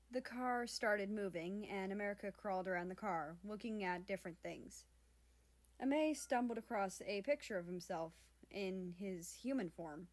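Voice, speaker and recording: A woman reading a fan fiction story aloud as narrator in a plain storytelling manner. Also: medium pitch.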